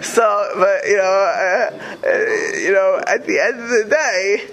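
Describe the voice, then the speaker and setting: A man's voice: high-pitched, slow pace, fairly bright tone, poor audio. A man talking casually and animatedly, rambling through many fillers and restarts. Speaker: speaker. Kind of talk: casual talk on religious community life.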